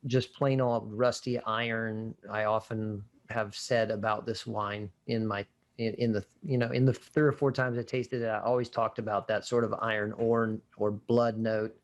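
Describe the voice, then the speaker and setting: A man's voice: on the low side, flat delivery, moderate pace. Man describing wines enthusiastically. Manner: descriptive, enthusiastic tasting talk. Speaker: wine show co-host. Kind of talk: casual educational wine chat.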